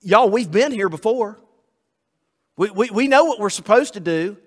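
A man's voice: sits high, expressive, moderate pace, in a large hall. A man preaching a sermon in a folksy storytelling manner, often repeating words as he goes.

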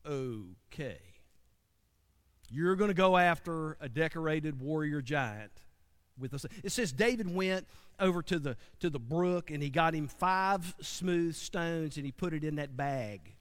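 A man preaching a sermon, animated and dramatic, swinging from loud bursts to hushed lines. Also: on the high side, measured pace. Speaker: pastor.

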